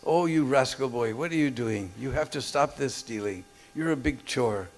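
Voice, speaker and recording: A man's voice: medium pitch, normal speed, lightly acted. A man voicing a scolding but loving mother while telling a story in a sermon. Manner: stern, chiding, then gentle.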